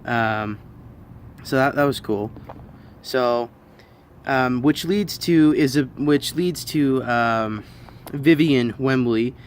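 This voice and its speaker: A man's voice: medium pitch, slow, long pauses, a little hiss or hum. A man giving a casual spoken film review, hesitant, with many ums and restarts.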